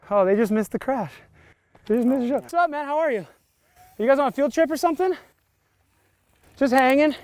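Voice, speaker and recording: A man's voice: very high-pitched, a little fast, pauses often, a little hiss or hum. A man in his thirties hosting a casual outdoor bike vlog, joking and laughing often. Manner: laughing, playful, hype shouts. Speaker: vlog host, bike rider. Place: outdoors at a dirt jump.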